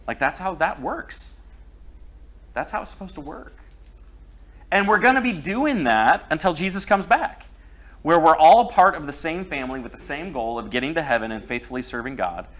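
A man's voice: mid-range voice, fairly bright tone. Man preaching a personal sermon. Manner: personal storytelling, conversational.

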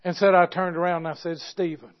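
A man preaching a sermon, moving from quiet, hushed storytelling to loud, impassioned exhortation. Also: sits high, flat delivery, fairly quick. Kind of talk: sermon with stories. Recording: dull lo-fi recording.

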